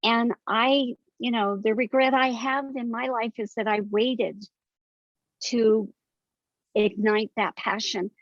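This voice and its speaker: A woman's voice: on the high side, steady tone, slow, no room sound. Older woman telling stories earnestly. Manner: earnest, detailed storytelling. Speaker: guest author. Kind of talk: conversational interview. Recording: dry, slightly dull sound.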